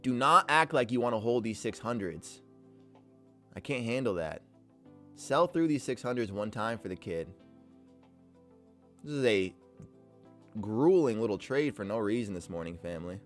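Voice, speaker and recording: A man's voice: fairly low pitch, lively intonation, normal speed, pauses often, a bit bright, soft background music. Exasperated man pleading with the market. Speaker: live-streaming day trader. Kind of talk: live-stream commentary, reading chat.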